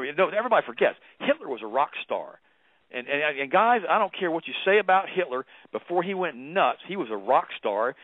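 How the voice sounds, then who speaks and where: A man's voice: medium pitch, no room sound. A man in his fifties co-hosting a talk radio show, telling a long story in a rambling, emphatic way. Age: 50s. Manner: rambling, emphatic storytelling with repeated "she goes". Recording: phone-like radio broadcast audio.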